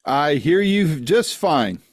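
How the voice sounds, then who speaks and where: A man's voice: fairly high pitch, very animated, slow, no room sound. A man hosting an interview podcast, talking in a friendly, folksy and chatty way. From Southern United States. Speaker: host.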